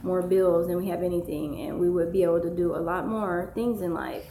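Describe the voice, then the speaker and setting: Woman rambling on her live stream, slangy, kinda gravelly, echoey room with a little background noise. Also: fairly low pitch, steady tone, brisk, dark tone. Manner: slangy, rambling, easily sidetracked. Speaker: live-stream host, mother. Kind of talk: casual live-stream chat, reading comments aloud. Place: home, with children nearby.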